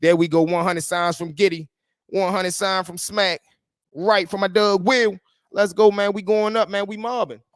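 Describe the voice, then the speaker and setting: Man, livestream host, high voice, dry close sound, animated slangy chat. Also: moderate pace, clear, resonant tone, no echo. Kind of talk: casual livestream commentary.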